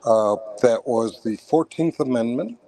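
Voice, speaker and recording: A man's voice: medium pitch, a little slow, creaky, mellow, a little hiss or hum. A man hosting a casual livestream, joking and irreverent, swearing now and then. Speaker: livestream host.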